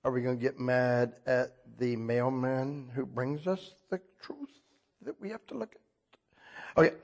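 An older pastor preaches with a husky, mid-range voice at a measured pace. He keeps his tone conversational and often puts questions to the congregation.

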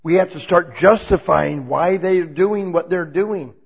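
Husky preacher man, conversational sermon. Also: high voice, a little slow, lo-fi sound. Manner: asks the listeners many rhetorical questions; swings between quiet, reflective asides and loud, emphatic bursts.

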